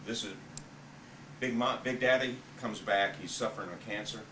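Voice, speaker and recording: A man's voice: fairly low pitch, fairly even intonation, moderate pace, background noise. Man mumbling a casual intro to his act. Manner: hesitant, searching for words, mumbled. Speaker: amateur performer entertaining family. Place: family home. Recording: roomy, distant home video.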